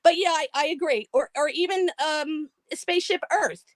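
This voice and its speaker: A middle-aged woman tells a funny story with lots of animation and laughter. Her voice sits high, and the video-call sound is dry with no room echo. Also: normal speed. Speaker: live stream caller.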